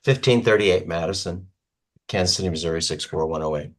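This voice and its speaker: A man's voice: low voice, a little fast. A man, a property owner, joining a public hearing online and stating his details, a little flustered. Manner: slightly flustered, correcting himself. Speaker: property owner testifying remotely.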